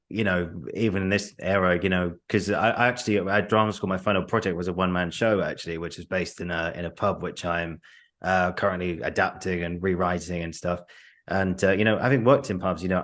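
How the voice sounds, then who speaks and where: A man's voice: low-pitched, a bit bright. A man hosting a podcast who chats casually and laughs as he tells his own anecdotes. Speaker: podcast host. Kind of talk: casual conversational storytelling.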